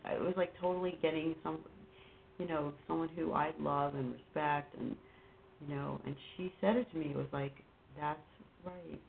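Low gravelly woman on a phone line. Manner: halting, rambling, with many fillers and restarts. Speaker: guest. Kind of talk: casual personal conversation. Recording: phone-like line with faint noise.

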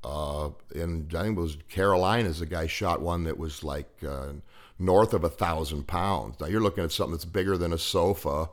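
Deep-voiced rambling man in his fifties. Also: normal speed. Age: 50s. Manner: rambling, hesitant with fillers. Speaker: guest. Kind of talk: casual storytelling chat.

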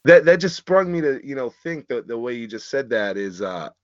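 A man's voice: mid-range voice, sing-song, a little fast, no room sound. A man hosting a podcast, reacting casually and stammering a little as he forms his questions. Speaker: podcast host. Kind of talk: casual interview. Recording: dull lo-fi dry sound.

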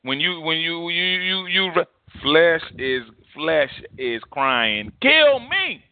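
A male pastor preaching with passion and punch, circling back over his phrases again and again. His voice sits on the higher side for a man and sounds dry and close. It comes through a thin, phone-like line. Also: takes it slowly, no echo. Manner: impassioned, repetitive, emphatic preaching. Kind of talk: sermon.

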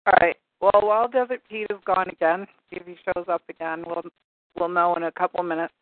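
A woman's voice: on the low side, steady tone, fairly quick, no echo. A woman hosting a call-in show, chatting casually and telling a rambling, amused story. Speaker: radio call-in show host. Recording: tinny phone-line sound.

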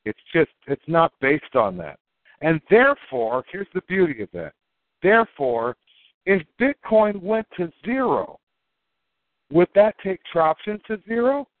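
A man's voice: sits high, measured pace, no room sound. Man talking over a tinny, dry line. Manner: rambling, animated, rising emphasis, acts out investors' reactions. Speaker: crypto token promoter. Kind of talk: casual explainer monologue. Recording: tinny phone-like, dry sound.

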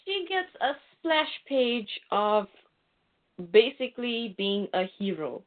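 An enthusiastic woman co-host talking about comics with emphasis. Her voice is fairly high. It comes through narrow and tinny, like a phone call. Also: sing-song, slow. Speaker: podcast co-host. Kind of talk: casual comic book recap chat.

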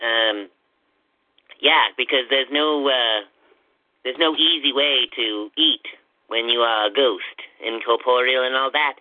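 A man hosting a comedy podcast in character as a ghost agent, rambling with halting restarts. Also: medium pitch, no echo. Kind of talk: comedic improv chat. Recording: dry tinny phone-like line.

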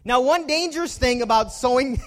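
A pastor delivering a sermon from the pulpit. He is a man with a very high voice, and he works homely stories and direct questions to his listeners into his preaching. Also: moderate pace, fairly bright tone.

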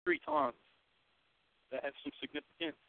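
A male pastor with a high voice, preaching a sermon. He moves from loud, emphatic bursts to quiet, hushed asides and keeps asking the congregation questions. The sound is dry and narrow, like it came over a phone line. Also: very animated, moderate pace, vocal fry, dry recording. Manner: conversational, asks the congregation questions.

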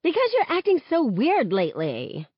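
A woman reading a novel aloud, voicing a brash, defensive teenage girl teammate who talks loud and sharp. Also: high-pitched, very animated, unhurried, no echo, muffled recording, pitched above the performer's own voice. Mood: indignant.

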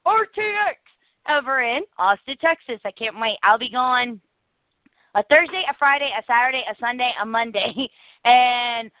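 High-voiced woman podcast host, phone-like audio. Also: normal speed, no room sound. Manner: chatty, laughs often, animated storyteller. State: coughing after swallowing the wrong way. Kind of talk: casual chat.

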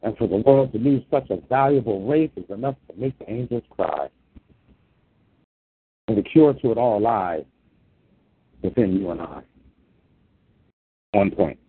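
Male poet, husky voice, solemn sermon-like recital, lo-fi phone-like sound. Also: fairly low pitch, animated, moderate pace, pauses often. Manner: solemn preaching cadence. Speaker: poet at a reading. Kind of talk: poetry reading.

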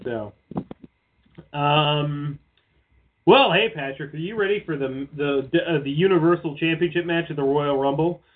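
A man's voice: a little high, unhurried. A man co-hosting a casual podcast chat, rambling and profane with mocking asides. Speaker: podcast co-host. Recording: tinny phone-like line.

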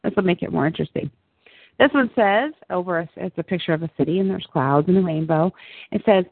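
A woman's voice: lowish voice, lively intonation, brisk, breathy edge, no room sound. A woman hosting a show, chatting casually, laughing often and repeating words as she goes. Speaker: show host. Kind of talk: casual chat about TV. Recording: tinny phone-like line, dry.

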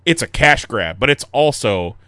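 A man co-hosting a casual podcast, animated, laughing often and swearing casually. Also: medium pitch, normal speed, dry recording. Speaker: podcast co-host.

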